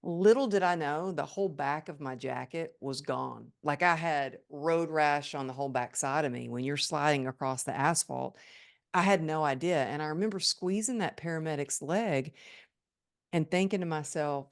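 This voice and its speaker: Low-voiced woman telling her story. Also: moderate pace, gravelly. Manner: animated and emphatic, acts out remembered thoughts. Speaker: podcast guest. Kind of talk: personal storytelling in a podcast interview.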